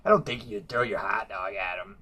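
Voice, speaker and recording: A man's voice: fairly low pitch, a little fast, pushed and bright. A man ranting casually about comic books in a brash, profane, mocking way. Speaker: comic book reviewer.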